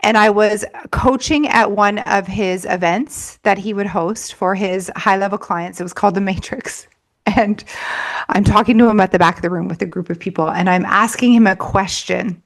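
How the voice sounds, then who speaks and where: Speaking at a moderate pace in a medium-pitched voice, a woman who coaches people on money mindset shares a story as an interview guest. She's chatty, laughing often and using plenty of fillers.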